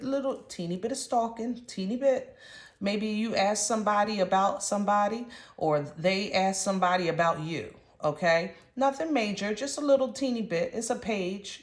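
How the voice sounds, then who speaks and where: A woman giving a casual tarot reading in a chatty, slangy, emphatic way. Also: medium pitch. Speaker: tarot reader. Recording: roomy echo.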